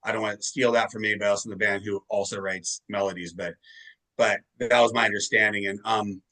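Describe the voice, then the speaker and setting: A man's voice: on the low side, steady tone, fast, bright, forceful tone, poor audio. A male musician being interviewed, telling long rambling anecdotes in casual chat and swearing freely. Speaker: musician guest.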